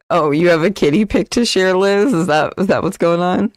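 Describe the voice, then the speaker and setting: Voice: mid-range voice, normal speed, no room sound, studio quality. A co-host on a livestream chatting casually, with sarcastic offhand asides. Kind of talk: casual chat.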